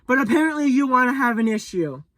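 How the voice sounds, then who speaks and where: A man's voice: very high-pitched, very animated, fast talker, fairly bright tone, dry recording. A young man ranting furiously to camera in a vlog, swearing and confronting someone, repeating himself and tripping over his words. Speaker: vlogger. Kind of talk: angry vlog rant to camera.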